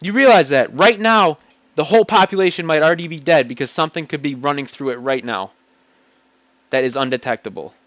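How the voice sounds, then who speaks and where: A man's voice: on the high side, brisk, fairly bright tone, dry recording. Agitated man ranting, lo-fi dry recording. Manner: blunt, agitated, heavy swearing. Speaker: vlogger. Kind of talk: ranting monologue. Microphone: home computer mic.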